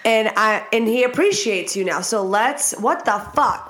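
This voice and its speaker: A woman's voice: on the high side, expressive, unhurried, a bit bright. A woman hosting a casual podcast interview, chatty and dramatic in her reactions, swearing freely. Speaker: podcast host.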